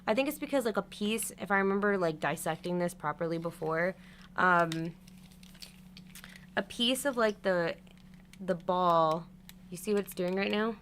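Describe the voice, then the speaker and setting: A woman's voice: fairly low pitch, moderate pace, long pauses, fairly bright tone, a little hiss or hum. A young woman chatting casually on a livestream as she works on a doll, narrating each step and breaking into frustrated exclamations. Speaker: doll hobby vlogger. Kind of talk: casual livestream chat while restringing a doll.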